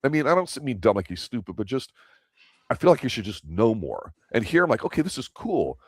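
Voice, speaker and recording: A man's voice: mid-range voice, big pitch swings, quick pace, no echo, studio quality. A man hosting a casual TV review chat, rambling and opinionated with lots of restarts. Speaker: host of a TV review show.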